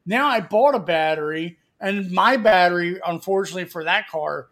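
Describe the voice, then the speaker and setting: A man's voice: sits high, moderate pace, fairly bright tone. A man hosting a radio talk show, telling a long, profane story and acting out other people's lines.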